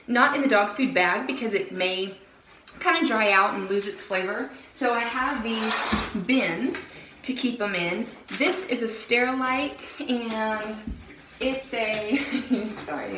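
A woman's voice: on the high side, echoey room. Woman explaining her pet supplies. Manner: talks sweetly to her dogs, then explains to the camera. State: out of breath. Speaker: vlogger unboxing a pet supply order. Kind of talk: casual home vlog talk. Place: home with dogs. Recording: noisy home recording. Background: dogs and clicks.

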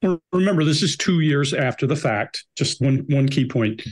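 A man's voice: a little high, expressive, normal speed, darkish tone. A man on a behavior analysis panel, giving blunt, emphatic commentary on an interrogation.

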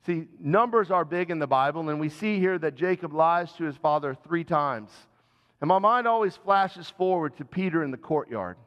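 A man's voice: on the high side, expressive, moderate pace, long reverb tail, highs cut off. A man, a senior pastor, preaching a sermon in an earnest, conversational way and asking the congregation direct questions. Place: church sanctuary.

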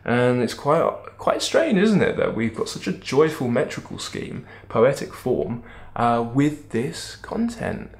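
A man teaching a poem in a lively, emphatic way, thinking aloud with frequent restarts. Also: mid-range voice, measured pace. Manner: animated, emphatic, musing with restarts. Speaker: literature teacher. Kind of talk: lecture-style video analysis.

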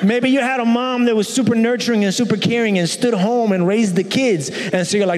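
A man's voice: very high voice, steady tone, a little fast, few pauses. A man preaching a sermon as pastor, casual, playful and conversational, on a church stage. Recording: long reverb in a large church hall.

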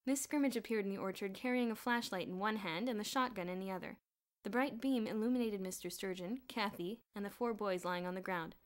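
A woman reading a children's novel aloud in a clear, even storytelling manner. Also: medium pitch, brisk. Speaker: audiobook reader.

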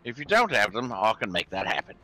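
A man's voice: on the low side, very animated, fast talker, bright, forceful tone. A man doing Jack Sparrow, roguish pirate captain. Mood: teasing. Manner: slurred, theatrical, calls people love. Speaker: event host in character. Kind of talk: in-character voice chat during a game event.

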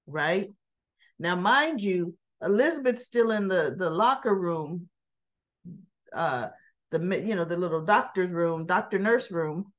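A woman casually recapping a daytime soap episode, acting out the characters' lines as she tells it. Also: medium pitch. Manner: animated retelling, acts out dialogue in quotes. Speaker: soap opera reviewer. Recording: slightly dull lo-fi audio.

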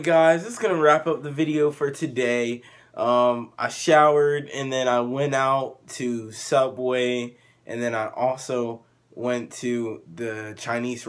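A man's voice: mid-range voice, a bit bright. A man making prank calls and chatting to his viewers in a slangy, laid-back drawl. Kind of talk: casual prank-call vlog.

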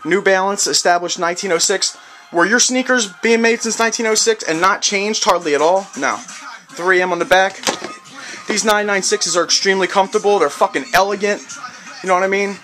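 A man's voice: high voice, a little fast, sharp tone, soft background music. A man giving a casual, hyped sneaker review in slangy, rambling talk. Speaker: sneaker vlogger.

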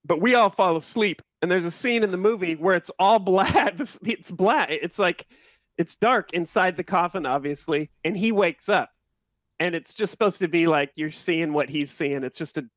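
A man's voice: high voice, moderate pace, no room sound, studio quality. A young man, the channel host, telling a story in casual chat with friends. He acts out the scenes as he goes. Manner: animated, acts out screams while telling a story.

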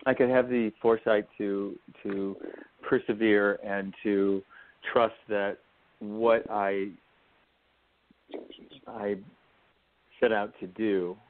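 A man, a guest actor and writer, talking in a radio interview, halting and heartfelt as he reflects. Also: on the low side, a little hiss or hum. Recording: phone-like call line.

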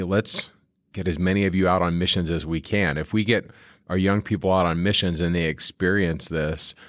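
A man co-hosting a scripture discussion, sharing thoughtful personal reflections in a relaxed way. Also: sits low, dry recording, clean studio sound.

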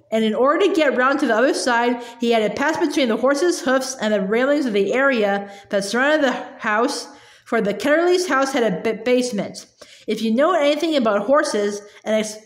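A woman reading a children's novel aloud in a lively way, voicing its characters. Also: fairly high pitch, roomy sound. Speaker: audiobook reader.

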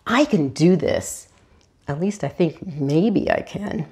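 A woman voicing a timid but determined young boy dinosaur in a storybook reading, with an eager, high childlike voice. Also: expressive, takes it slowly, mellow. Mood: unsure.

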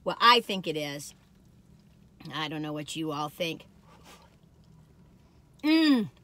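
A chatty, excitable woman, reviewing food from her parked car and talking as she eats. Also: sits low, slow. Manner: chatty, excitable, folksy, talks while eating.

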